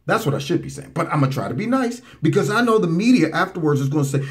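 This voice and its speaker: Animated man mocking in swooping tones. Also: quick pace, few pauses. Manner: animated, mocking, swoops into high voices for impressions. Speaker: commentary show host. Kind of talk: political commentary over played clips.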